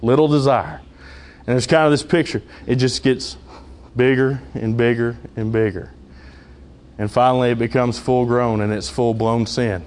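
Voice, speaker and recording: A man's voice: medium pitch, steady tone, moderate pace, darkish tone. A man preaching a sermon as pastor, conversational with humorous asides and dramatic retellings.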